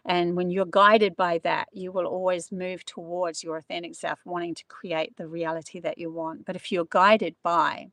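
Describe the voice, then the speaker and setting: A woman's voice: fairly low pitch, level tone, normal speed, hardly any pauses, a bit bright, no echo. A middle-aged woman, a spiritual channeler giving an earnest, rambling live-streamed talk full of fillers.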